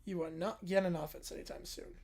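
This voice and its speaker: A woman hosting a casual livestream, reading silly stories aloud in an animated way and laughing often. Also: on the low side, fast talker. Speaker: livestream host.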